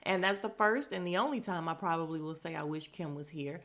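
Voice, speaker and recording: A woman hosting a podcast, recapping a reality show in casual chat, sassy and animated as she acts out what the cast said. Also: deep voice, brisk.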